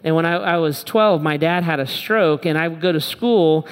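Animated preacher in a reverberant hall. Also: male voice, fairly high pitch, normal speed, clean tone. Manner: animated storytelling, acts out quoted voices. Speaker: pastor. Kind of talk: sermon. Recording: long reverb of a large hall.

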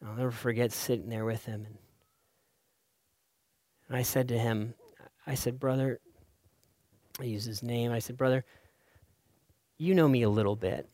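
A middle-aged male pastor preaching a sermon, telling a story in a voice that swings from soft and hushed to loud and urgent. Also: medium pitch, fairly even intonation, moderate pace, long pauses, dry recording.

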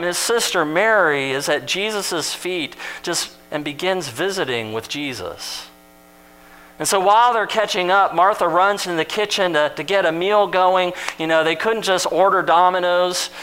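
A man's voice: sits high, bright, forceful tone, smooth, poor audio. A man preaching a sermon in a conversational, storytelling way, acting out the lines he quotes.

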